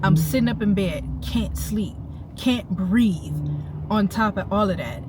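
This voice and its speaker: A young woman tells a story to her viewers from inside a moving car. She talks in a casual, animated, slangy way at a middling pitch, and heavy road and engine noise sits under every word. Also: measured pace, distant mic. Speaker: vlogger. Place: inside a car while driving. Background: loud road and engine noise.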